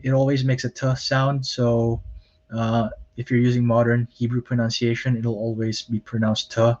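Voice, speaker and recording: A man teaching a recorded language lecture, explaining slowly and patiently, with frequent pauses and filler words. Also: mid-range voice, darkish tone, dull audio. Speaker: Hebrew lecturer.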